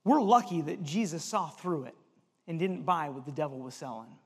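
A man's voice: on the high side, moderate pace, husky, big-room sound. A male preacher giving an emphatic sermon and reading scripture aloud.

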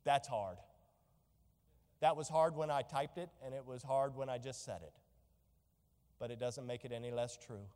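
A woman's voice: very deep voice, moderate pace, pauses often, a little mellow, big-room sound. A woman preaching a sermon with fervor, piling up rhetorical questions. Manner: fervent, stacked rhetorical questions.

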